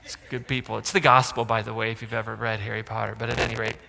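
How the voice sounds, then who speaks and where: A man's voice: fairly low pitch, flat delivery, quick pace, creaky, pushed and bright, in a large hall, a little hiss or hum. A man pastor giving a sermon in a casual, joking way, with asides to the congregation. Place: church sanctuary.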